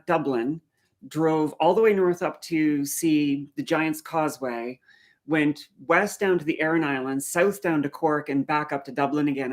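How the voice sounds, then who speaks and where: This middle-aged woman from the Canadian Maritimes has a faint local accent and chats casually on a live stream, answering viewer comments as she goes. Her voice sits low with a fairly bright tone.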